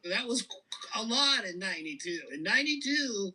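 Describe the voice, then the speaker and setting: A man in his fifties, a guest telling an animated and emotional story in a casual interview. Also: high-pitched, normal speed, slightly rough, rough recording. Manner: animated, emotional storyteller who repeats and restarts.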